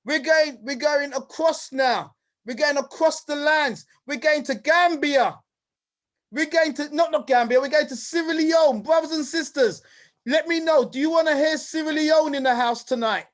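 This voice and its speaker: A man from the United Kingdom hosting a live online event with lively, hyped-up energy, often calling people "brother" and "King.". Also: extremely high pitch, normal speed. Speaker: host and presenter.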